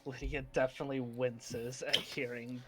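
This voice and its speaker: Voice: mid-range voice, flat delivery, moderate pace, heavy background noise. Playful player in a tabletop game. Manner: playful, laughs often. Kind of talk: in-character tabletop role-play.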